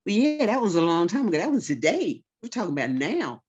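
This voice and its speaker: An indignant little kid begs and complains in a raised, high voice, as a woman storyteller plays her childhood self. The pleas come out quickly and sound wronged. The recording sounds a little dull. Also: very animated, a little mellow, slightly rough. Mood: pleading. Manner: pleading, indignant. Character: pleading young child wanting candy.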